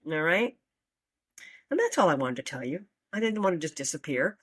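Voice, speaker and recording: A woman's voice: deep voice, lively intonation, moderate pace, fairly bright tone, breathy edge, no room sound. Chatty folksy woman podcast host, dry sound. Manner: chatty, folksy, with many fillers. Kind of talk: casual monologue to listeners.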